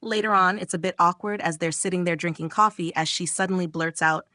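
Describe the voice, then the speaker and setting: A woman's voice: on the low side, fairly even intonation, brisk, pushed and bright, no echo, studio quality. A woman narrating a casual, slangy story recap.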